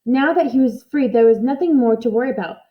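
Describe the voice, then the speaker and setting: Woman narrator, expressive read-aloud storyteller, higher pitch; dull lo-fi recording. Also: fast. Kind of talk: reading a children's book aloud.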